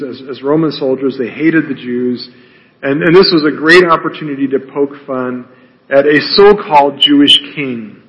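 A man teaching from the Bible in a conversational way, often checking in with "right?" and filling pauses with "uh". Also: fairly high pitch, pushed and bright. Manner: checks in with "right?" tags and frequent "uh" fillers. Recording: long reverb of a large hall.

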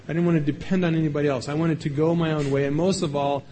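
A man's voice: on the high side, level tone, fast talker, dark tone. A man preaching a sermon in a conversational way, asking his listeners questions and acting out little voices to illustrate. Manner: conversational, asks the audience questions. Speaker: pastor.

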